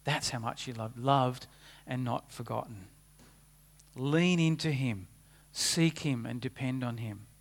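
A man preaching a sermon, earnest, rising for emphasis and dropping to a hushed tone. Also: mid-range voice, measured pace.

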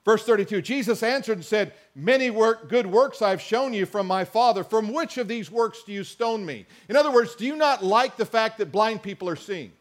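High-voiced male pastor preaching. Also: animated, moderate pace, few pauses. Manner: conversational preaching with asides and scripture reading. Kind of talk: sermon.

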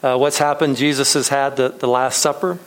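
A man's voice: medium pitch, flat delivery, normal speed, low-quality recording. A man in his thirties preaching a sermon as pastor, talking in a loose, conversational way with many fillers and restarts, and chuckling often. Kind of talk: casual sermon.

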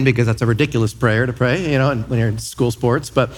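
A man in his thirties, a pastor preaching a sermon in church, telling lively stories and acting out quotes. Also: medium pitch, fairly quick, a little hiss or hum. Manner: lively storytelling with acted-out quotes.

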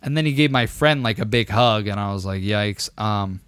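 A young man co-hosting a podcast, telling a long, profane, animated story in casual chat. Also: fairly low pitch, brisk, clean tone, dry recording. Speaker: podcast co-host.

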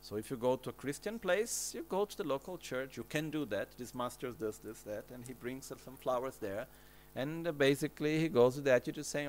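A man teaching Buddhist practice in a gentle, conversational way, often checking in with his listeners. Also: medium pitch, lively intonation, a little fast, a little hiss or hum. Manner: gentle, keeps checking in with "okay?" and "no?"; plain conversational explanations with everyday examples. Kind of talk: Dharma teaching commentary.

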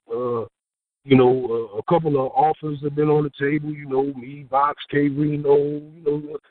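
A man talking as a guest in a relaxed, casual way about what he does now. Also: a little high, dry recording. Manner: relaxed, shrugs things off. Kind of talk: casual chat. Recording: tinny phone line.

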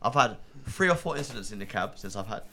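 A young man tells a story at a quick clip. His pitch swings widely as he acts out the people he describes, in a loose, casual chat. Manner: animated, acts out voices in quotes. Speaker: cab driver telling a story.

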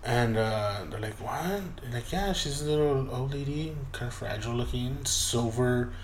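A man spins a personal story in relaxed chat, cursing freely and slipping into the voices of the people he describes. His mid-pitched voice rings in a roomy space with a faint noise floor. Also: moderate pace. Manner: loose, profane, acts out voices in retelling. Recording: roomy echoey room.

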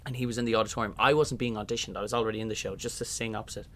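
Talking very fast in a fairly low voice, a young Irish musical theatre performer trades stories in an informal interview. He's animated throughout, slipping into the voices of the people he describes.

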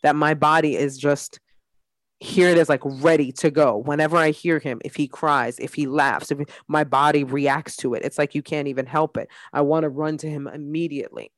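A woman's voice: deep voice, fairly even intonation, normal speed, no echo, studio quality. A woman podcast host and mother talking in a blunt, candid casual chat, leaning on "like" as she makes her points. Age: adult mother.

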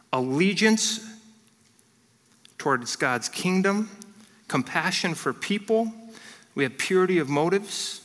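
A man preaches as pastor in a church hall, earnest and direct, slipping into soft prayer and light family stories. His voice sits high, and the recording has a big-room sound.

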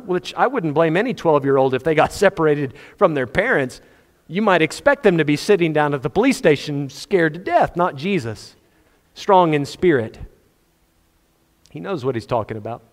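A man preaching a sermon, telling the story with animated, acted-out scenes. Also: a little high. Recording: long hall reverb.

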